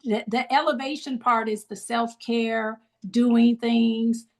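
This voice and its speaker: Her pitch fairly high and her tone steady, a middle-aged woman speaks slowly as she leads a grief support group on a video call. As a grief ministry leader, she encourages people through preacherly call-and-response.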